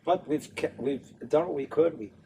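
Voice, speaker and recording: An older man from New Orleans, an opera tenor and director, chatting in an interview in an animated way and laughing often. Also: on the high side, normal speed, gravelly, recorded from a distance, slight background noise. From New Orleans, USA. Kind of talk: casual interview chat.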